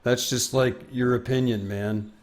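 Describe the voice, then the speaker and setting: Casting note: a mellow slacker dude with a lazy drawl, weakly put on by a man. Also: medium pitch, fairly even intonation, measured pace, natural voice. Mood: laid-back. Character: laid-back slacker dude, adult man.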